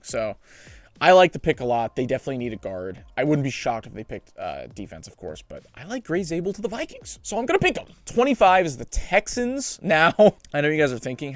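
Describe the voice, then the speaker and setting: A young man hosting a sports show, giving chatty, animated mock draft commentary with joking asides. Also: on the high side, brisk, no echo.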